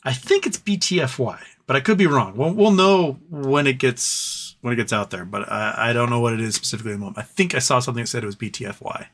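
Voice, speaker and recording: A man hosting a casual live stream reads viewer comments aloud and answers them, sounding tired as his voice starts to give out. He talks fast with few pauses, in a medium-pitched, slightly bright voice.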